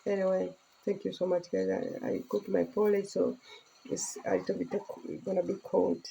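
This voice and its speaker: A woman's voice: mid-range voice, very animated, normal speed, gravelly, mellow, slight background noise, low-quality recording. Earnest Tanzanian-born woman vlogger. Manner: earnest, speaking broken English with laughter. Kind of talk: casual personal vlog.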